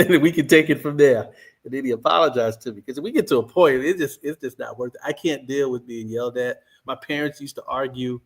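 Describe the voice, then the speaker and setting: Male panel guest, mid-pitched, emphatic and firm, quick to laugh. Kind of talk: casual panel chat.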